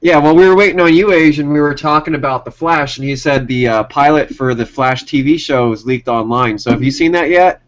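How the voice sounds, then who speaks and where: A man co-hosting a casual video-call chat, calm and dryly teasing, getting over a cold. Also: fairly high pitch, fairly quick, few pauses. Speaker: podcast co-host. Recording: dull lo-fi call audio.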